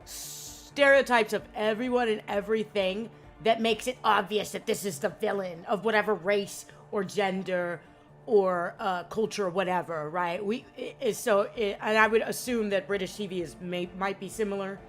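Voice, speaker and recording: A woman's voice: mid-range voice, steady tone, normal speed. A young woman streaming a game, chatting casually and rambling with lots of "like" and cursing. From United States. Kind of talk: casual gaming commentary. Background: faint game music.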